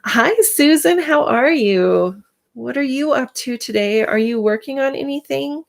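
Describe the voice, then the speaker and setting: Chatty woman with a creaky voice. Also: high-pitched, lively intonation, measured pace. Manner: chatty, many "like" fillers, talks to chat viewers by name. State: in pain. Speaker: live stream host. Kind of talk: casual live stream chat.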